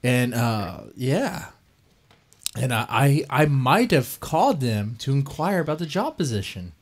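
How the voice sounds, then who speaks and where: A male host on a live stream, talking in loose, rambling bursts and laughing often. His pitch bounces around a lot as he jokes. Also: very animated, measured pace. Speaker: podcast host. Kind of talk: casual chat on a live stream.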